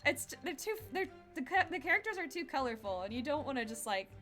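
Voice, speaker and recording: A woman's voice: high voice, sing-song, fast, fairly bright tone, faint music behind. A young woman streaming a game, chatting and laughing as she reads the dialogue aloud. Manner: chatty, laughing, reads character lines in voices. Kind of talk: game let's play, reading dialogue aloud.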